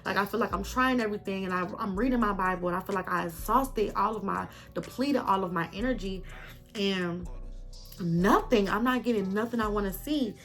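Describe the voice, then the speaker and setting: A woman's voice: mid-range voice, fairly quick, a bit bright, soft background music. A young woman vlogger sharing a heartfelt personal testimony, tearful with a crackling voice, often calling her viewers y'all. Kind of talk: emotional personal testimony vlog.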